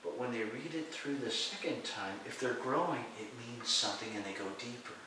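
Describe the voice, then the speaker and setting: A man, a teacher of Taoist mysticism, telling a story in an interview and acting out the voices in it, sometimes with a high shout. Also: expressive, a little fast. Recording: echoey room, distant mic, faint hiss.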